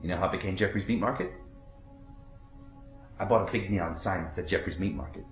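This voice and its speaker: A man's voice: low voice, fairly quick, echoey room, soft background music, close to an everyday voice. An actor playing a blunt, profane middle-aged butcher, telling his story in a theatrical monologue. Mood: bitter. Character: brash foul-mouthed middle-aged male butcher. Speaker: actor in a one-man stage monologue. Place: theater stage.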